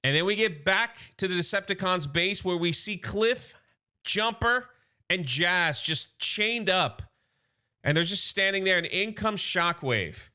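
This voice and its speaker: A man's voice: high-pitched, animated, a little slow, pushed and bright. A man casually retelling a comic book's story in his own chatty words, quoting the characters' lines as he goes. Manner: chatty retelling, voicing characters' lines, many "you know" and "he's like". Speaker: comic book reviewer.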